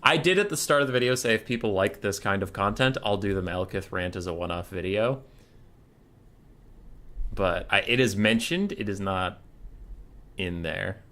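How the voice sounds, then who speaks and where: Bright-voiced man ranting on a game stream. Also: lowish voice, expressive, moderate pace, long pauses. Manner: rambling, laughing rants with swearing; reads chat aloud and answers it. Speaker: streamer hosting a strategy game tournament. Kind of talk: casual live-stream chat while playing.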